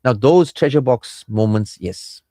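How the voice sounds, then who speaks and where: Male radio advice host, mid-pitched, animated, slips into voices for quoted lines, dry studio mic. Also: measured pace, dry recording. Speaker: radio counselling show host. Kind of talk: casual radio talk with advice.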